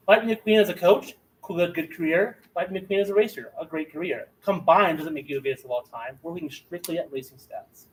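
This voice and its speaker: A man's voice: on the high side, brisk, poor audio. A man giving a mock-serious debate speech with impassioned, theatrical outrage.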